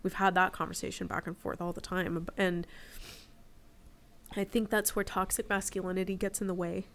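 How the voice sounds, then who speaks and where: A woman's voice: on the low side, level tone, moderate pace, a bit bright. Candid woman in her forties, reflective. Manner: candid, reflective personal storytelling. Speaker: podcast guest. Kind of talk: casual podcast chat.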